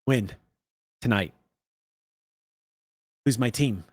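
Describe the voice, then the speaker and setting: A man's voice: medium pitch, very slow, breathy edge, no echo. Man playing a keen young female fighter, eager to prove herself. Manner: eager and excitable. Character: eager young spear-carrying woman fighter.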